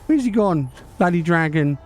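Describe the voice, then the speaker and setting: A man's voice: fairly high pitch, animated, moderate pace, pitched above the performer's own voice, natural voice. A man putting on an over-eager male clickbait video host who keeps saying "guys" and pushes sign-off plugs. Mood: hyped. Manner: hyped, repeats "guys", pushy sign-off plugs. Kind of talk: parody of a video intro.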